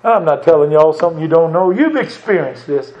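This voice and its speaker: A man's voice: on the high side, lively intonation, a little fast. A man preaching a folksy church sermon, talking conversationally and asking the congregation rhetorical questions. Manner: conversational, asks rhetorical questions, chuckles now and then. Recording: dull lo-fi church recording.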